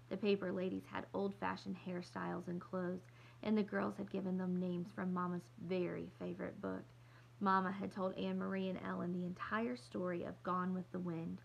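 A woman teacher reading a novel aloud to her class in a relaxed way, with fillers as she thinks aloud. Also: fairly low pitch, gravelly, muffled recording, slight background noise.

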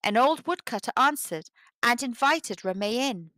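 Lively woman reading a children's story. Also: fairly high pitch, unhurried, dry recording. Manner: expressive, animated storytelling. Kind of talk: children's read-aloud narration.

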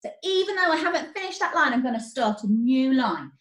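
A woman teacher, explaining writing step by step in an online lesson, clearly and encouragingly. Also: high-pitched, lively intonation, fairly quick. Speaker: primary school teacher. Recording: roomy echo.

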